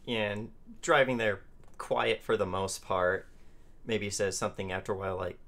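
Low-voiced man playing a tabletop game. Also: fairly even intonation, moderate pace, fairly bright tone. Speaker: player. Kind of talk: describing his character's actions.

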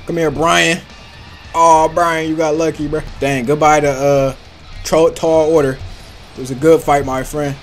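A young man giving casual, hyped gameplay commentary, trash-talking opponents in slangy banter. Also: a little high. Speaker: gaming YouTuber.

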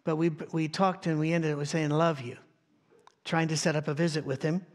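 Male pastor, slightly high voice, conversational sermon with frequent restarts, on a church sound stage. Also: little pitch movement, a little fast.

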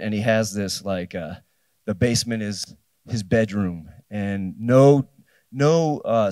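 Animated storyteller man in his fifties. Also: medium pitch, no echo. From New Jersey. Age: 50s. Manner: animated storyteller acting out dialogue. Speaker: keynote speaker. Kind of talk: live storytelling talk. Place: festival stage.

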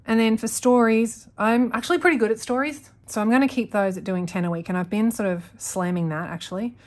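A woman's voice: fairly high pitch, a little fast. A young woman chatting casually to viewers while setting up her planner, rambling and correcting herself as she goes. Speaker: planner vlogger.

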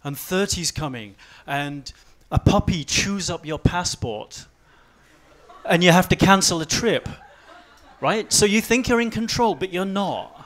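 A man in his forties gives a short, fast-paced talk on an event stage. His voice sits a little high. He swings from low, quiet asides to loud, animated bursts. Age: 40s. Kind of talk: fast-paced humorous presentation. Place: event stage before a live audience.

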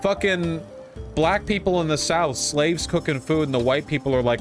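A man's voice: on the high side, animated, moderate pace, over music. A man streaming a video game, ranting crudely and swearing often in casual commentary.

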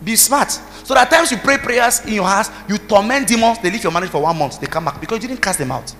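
Pastor, high and ringing, booming hall, soft music under him, punchy preaching. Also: male voice, lively intonation, fast talker. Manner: emphatic preaching, shouting bursts, commands to the congregation. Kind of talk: sermon. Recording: reverberant hall with music behind.

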